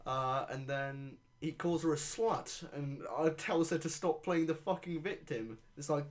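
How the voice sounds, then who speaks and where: A man's voice: fairly high pitch, a little slow. A young man hosting a podcast in casual chat, crude, sarcastic and rambling. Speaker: podcast host.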